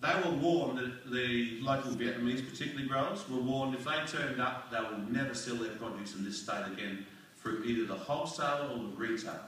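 A man with an Australian accent delivers a blunt, fired-up political speech at a community forum, rattling off rhetorical questions. His mid-range voice is a bit bright and fairly quick. The community hall is echoey, and he's recorded from far off.

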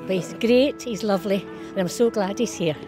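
A woman's voice: medium pitch, fairly quick. Ex-teacher lady, fond and giggly, music bed behind. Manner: warm, laughing, affectionate. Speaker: former teacher. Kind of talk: casual recollection.

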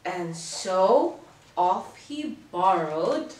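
A woman reading a children's picture book aloud, expressive and theatrical, with dramatic gasps. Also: a little high, slow, far from the mic. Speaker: children's story reader. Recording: roomy echo, mic set back.

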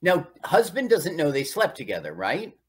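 Husky-voiced, lively podcast co-host. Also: medium pitch, normal speed. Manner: chatty, asks questions, laughs at the jokes. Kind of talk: casual film commentary.

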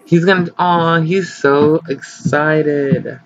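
A man casually commenting as he plays a life-sim game, chatty, excitable and gossipy, recorded on slightly dull lo-fi audio. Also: fairly high pitch, slow pace, a little hiss or hum. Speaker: gaming channel host. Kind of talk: casual let's play commentary.

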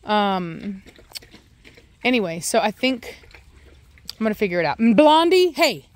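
A woman dog breeder chatting casually in a vlog, rambling with many ums and restarts and snapping out sharp commands to her dogs. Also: medium pitch, unhurried. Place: kennel area with several dogs. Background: dogs barking and moving.

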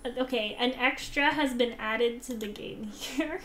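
A young woman casually commenting on a game she plays, gushing and excitable, dropping now and then into soft whispers. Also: fairly high pitch, takes it slowly, slight background noise. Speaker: gaming channel host.

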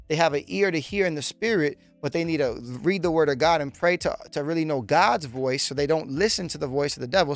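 A man preaching a teaching sermon in a voice pitched a little high, driving his points home by repeating them and speaking straight to his listeners. The recording is dry and close, with faint music underneath. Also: no echo. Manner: emphatic, repetitive, direct address to listeners. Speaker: pastor.

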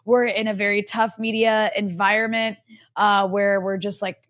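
A woman's voice: mid-range voice, level tone, moderate pace, fairly bright tone. A woman co-hosting a political talk show, sardonic and emphatic, with many "like" fillers. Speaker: co-host. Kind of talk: casual political commentary.

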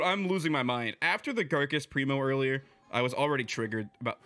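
Young man, bright voice, live gameplay commentary, chatty play-by-play, excitable, shouts at teammates. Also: mid-range voice, soft background music. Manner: excitable, bursts into loud yelling at teammates; quick chatty play-by-play, swings between mumbling and shouting. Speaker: gaming video creator.

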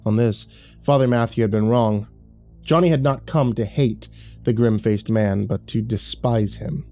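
Deep mellow guy narrating a creepy story, slow and dramatic, soft music behind. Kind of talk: scripted horror narration.

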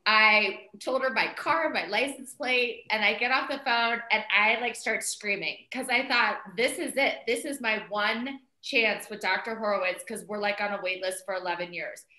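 Bright chatty middle-aged woman, roomy sound. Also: medium pitch, normal speed, few pauses. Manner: animated, chatty, quotes herself, many "like" and "um" fillers. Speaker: interview guest, mother of the co-founder. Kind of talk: casual storytelling. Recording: roomy echo.

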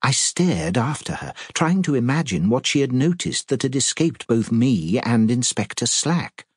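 A man with a husky voice narrating an audiobook in an expressive storytelling manner. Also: medium pitch, measured pace, no room sound, studio quality.

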